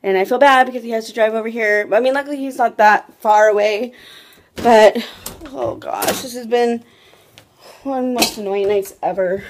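Young woman vlogger, pitched a bit high, chatty and rambling with lots of fillers, recorded on a phone. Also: fairly even intonation, normal speed. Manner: rambling storytelling full of "like" and restarts. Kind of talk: casual chatty vlog. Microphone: phone camera.

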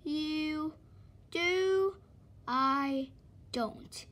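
A woman voicing a sluggish, sleepy, grumbling little man in a children's storybook, drawing out each word slowly. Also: high voice, completely flat delivery, a little mellow, lightly acted. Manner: slow, drawn-out, complaining.

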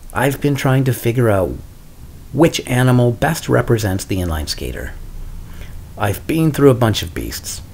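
A middle-aged man hosting a solo podcast, talking in a wry, deadpan way with sarcastic asides. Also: fairly low pitch, slight background noise. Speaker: podcast host.

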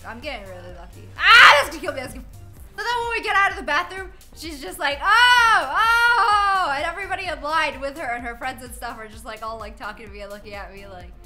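Bright-voiced young woman gamer rambling. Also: high voice, lively intonation, quick pace, soft background music. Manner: rambling, swears at the game, laughs often. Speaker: gaming streamer. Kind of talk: casual storytelling while playing.

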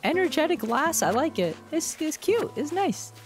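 A woman's voice: very animated, moderate pace, soft background music. A woman putting on a cutesy baby voice while chatting through a video game stream, teasing herself about how silly it sounds. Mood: babyish, playful. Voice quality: high babyish voice with a gravelly edge. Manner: self-mocking, giggly. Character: cutesy baby-talking little girl. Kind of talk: livestream gameplay chatter.

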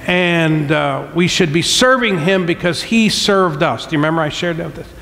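A man pastor preaching a sermon, emphatic, slowing down to stress key words and calling for amens from the congregation. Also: fairly high pitch, gravelly, a bit bright, a little hiss or hum. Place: church sanctuary. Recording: long hall reverb from church sanctuary.

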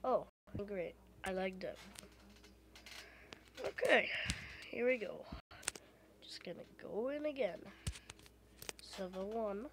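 A woman commenting on her own gameplay in an unhurried, drawn-out way, swinging between loud exclamations and muttered complaints. The recording carries a noticeable layer of background noise. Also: mid-range voice, expressive. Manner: frustrated, exclaiming, muttering under breath. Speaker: gamer.

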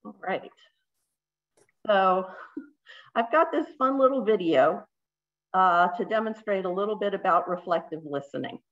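A woman's voice: mid-range voice, expressive, measured pace, pauses often, fairly bright tone, muffled recording. A woman facilitating an online workshop, upbeat and chatty, asking the group questions. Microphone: video call.

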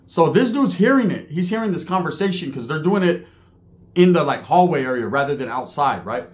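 Animated man telling a street story. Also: on the high side, brisk. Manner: street slang, animated retelling, mimics other inmates' voices. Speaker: podcast storyteller. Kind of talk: casual storytelling.

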